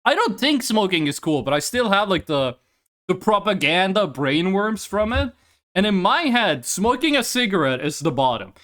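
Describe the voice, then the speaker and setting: A man's voice: high-pitched, big pitch swings, moderate pace, a bit bright. A young adult man chatting casually on a live stream and telling a story with lots of profanity.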